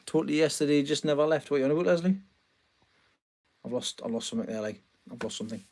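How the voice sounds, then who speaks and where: A man's voice: fairly high pitch, animated, fast talker, a little mellow, a little hiss or hum. A man chatting casually on a live stream from a small greenhouse at night, greeting viewers and laughing often. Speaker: vlogger hosting a live stream.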